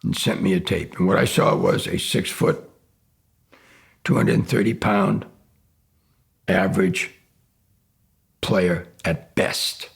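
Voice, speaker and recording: A man's voice: sits low, fairly even intonation, takes it slowly, gravelly, pauses often, breathy edge. A man who coaches college football, telling a vivid story in a documentary interview.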